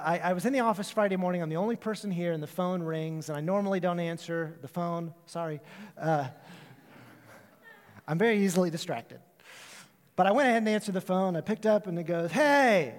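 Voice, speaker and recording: A man preaching a sermon as pastor, telling stories in a conversational way with quick asides. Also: high-pitched. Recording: long hall reverb.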